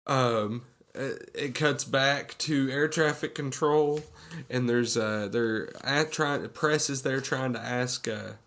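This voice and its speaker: A man's voice: mid-range voice, slow, fairly bright tone. A man co-hosting a podcast, casually retelling movie scenes and acting out the quotes. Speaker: podcast co-host. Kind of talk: casual movie recap chat.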